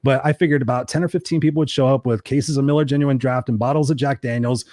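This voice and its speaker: A life coach tells his story at a rapid clip, animated and candid, with casual swearing. His voice is dry and close, with no room around it. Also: medium pitch, no echo. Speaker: coaching guest.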